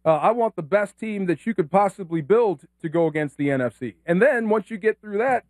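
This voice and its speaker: A man's voice: sits high, lively intonation, a little fast, darkish tone, no room sound, clean studio sound. A man co-hosting a sports talk radio show, chatting in an emphatic, opinionated way.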